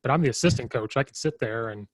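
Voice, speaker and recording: A man's voice: medium pitch, fast talker, no echo, studio quality. A man hosting a coaching podcast over a remote call, easygoing and joking. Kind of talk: casual podcast chat.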